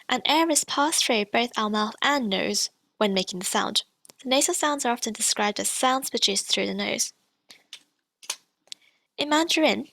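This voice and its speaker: A woman teaching pronunciation, explaining sounds clearly and repeating each example slowly. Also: fairly high pitch, fairly bright tone, no room sound. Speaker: language teacher.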